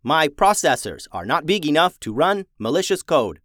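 An old, timid farm repair robot speaks in a halting, stuttering machine voice, as a man puts it on, each phrase stiff, slow and repeated. The sound is close and dry, with no room around it, and the pitch lifts a little above a plain speaking voice. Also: big pitch swings, a bit bright, no echo.

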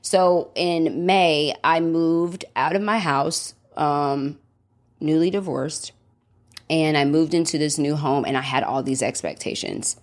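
A woman in her thirties hosts a faith podcast, her voice sitting low. She reads a devotional, then talks it through in an earnest, reflective way, pausing and restarting as she searches for words. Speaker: podcast host.

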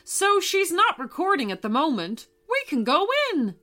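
A woman voicing a friendly walking skeleton who talks loudly and slowly. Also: sits high, big pitch swings, faint music behind, voice pushed up, heavily acted. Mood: cheerful.

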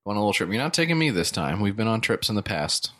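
A man's voice: lowish voice, very animated, very fast, sharp tone. A man co-hosting a casual comedy podcast, riffing crude joke ideas with a friend. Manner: crude, joking riffs. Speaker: podcast co-host.

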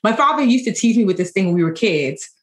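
A woman in her forties, a financial educator and podcast guest, telling stories in a lively, joking way. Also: mid-range voice, fast talker. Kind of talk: conversational podcast interview.

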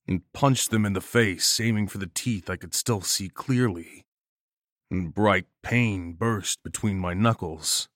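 A man's voice: on the low side, fairly bright tone, no room sound, clean studio sound. A man giving an intense, dramatic first-person narration of a horror story.

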